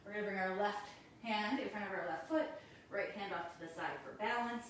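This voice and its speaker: A woman teaching a guided yoga class, giving calm, encouraging cues while doing the poses and a little out of breath. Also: medium pitch, fairly quick, very echoey, recorded from a distance, a little hiss or hum, rough recording. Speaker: yoga instructor.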